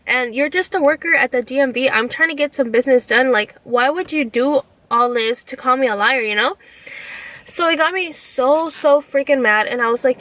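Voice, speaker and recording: Bright-voiced young woman ranting a storytime. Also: sits high, fairly quick. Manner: animated, indignant retelling full of "like" and swearing. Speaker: vlogger. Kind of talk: casual storytime vlog.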